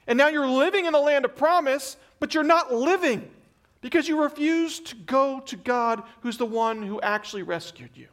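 A male preacher with a high-pitched voice delivering an earnest sermon. He pushes some lines out with emphasis, then drops to a near murmur on others. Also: expressive, normal speed. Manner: earnest, swings from emphatic to very quiet.

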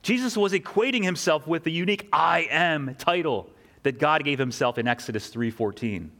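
Earnest higher-voiced male preacher. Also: lively intonation, normal speed, bright, forceful tone. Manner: earnest, rhetorical questions, emphatic repetition. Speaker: pastor. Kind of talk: sermon.

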